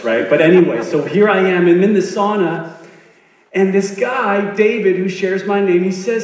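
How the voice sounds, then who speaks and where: A man giving an earnest inspirational talk on stage, building to emphatic peaks and dropping to soft endings. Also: mid-range voice. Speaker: TEDx speaker. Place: large hall on stage. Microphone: recorded from the audience on a phone. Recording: very echoey hall, distant phone recording.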